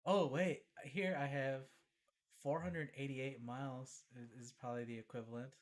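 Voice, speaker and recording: A man's voice: mid-range voice, fairly even intonation, normal speed. A man co-hosting a casual podcast, teasing and cracking jokes. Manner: teasing, wisecracking. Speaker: podcast co-host. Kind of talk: casual profane podcast banter.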